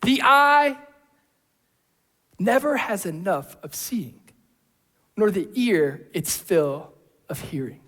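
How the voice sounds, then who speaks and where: A man preaching a sermon, acting out voices, going from shouts to hushed tones. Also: high-pitched, sing-song, slow, pauses often. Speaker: pastor. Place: church hall. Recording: long hall reverb.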